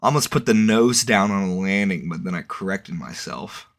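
A man's voice: sits low, animated, moderate pace, vocal fry. A young man in casual chat, rambling and swearing, with lots of fillers. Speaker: podcast co-host.

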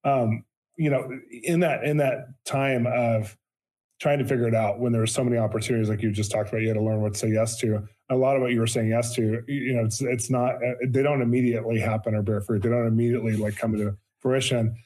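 A man's voice: mid-range voice, level tone, fast talker, a little mellow, poor audio. A man hosting an interview, asking long, searching questions full of fillers. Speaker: interview host. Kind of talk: casual interview talk.

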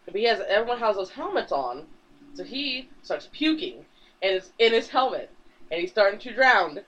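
A man co-hosting a podcast, casually retelling a comic book plot in a rambling way, swearing freely and dropping into quick character voices. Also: sits high, very animated, a bit bright. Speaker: podcast co-host. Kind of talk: casual chat, recapping a comic. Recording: dull lo-fi recording.

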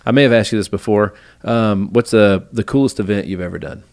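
A man's voice: on the low side, brisk, gravelly, a little mellow. A man hosting a podcast interview, enthusiastic and rambling, often restarting his sentences. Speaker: podcast host. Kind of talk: casual interview chat.

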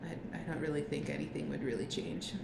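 A woman's voice: low voice, animated, brisk, creaky, heavy background noise. A woman co-hosting a casual podcast at home, chatty, laughing often and trailing off with fillers. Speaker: podcast co-host. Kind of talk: casual chat. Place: apartment room. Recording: echoey room, faint ambience.

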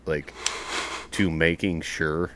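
A man's voice: extremely low pitch, steady tone, slow pace, fairly bright tone. A man hosting a casual podcast from his closet, telling rambling stories and swearing freely. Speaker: podcast host.

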